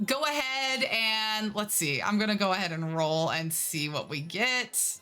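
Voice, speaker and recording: Woman, game master, tabletop narration, bright tone, chatty. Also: mid-range voice, animated, a little slow, clean tone, faint music behind. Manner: chatty, many fillers.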